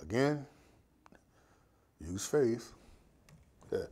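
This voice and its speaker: A man preaching a sermon as pastor, slow and emphatic, swinging from loud to quiet. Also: mid-range voice, big pitch swings, husky.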